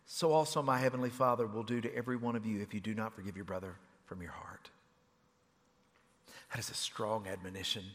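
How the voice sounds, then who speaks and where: Brief: man, pastor, fairly high voice, dynamic sermon delivery, long hall echo. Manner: dynamic preaching, swinging from loud emphasis to hushed intensity. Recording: reverberant hall.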